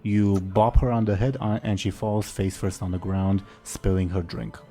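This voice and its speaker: An easygoing man running a tabletop game, with a low, mellow voice. He narrates loosely, with frequent ums, and faint music plays behind him. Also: little pitch movement, moderate pace. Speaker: game master.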